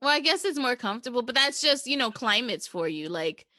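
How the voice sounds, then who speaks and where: A woman's voice: a little high, big pitch swings, fairly quick, bright, forceful tone, no echo. A young woman from New hosting a podcast, chatting casually and informally. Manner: chatty, informal, says "girl" and "y'all". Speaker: podcast host.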